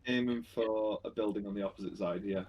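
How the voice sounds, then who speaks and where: A man playing a tabletop game who talks casually and haltingly, with many fillers. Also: fairly low pitch, darkish tone, slight background noise. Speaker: player.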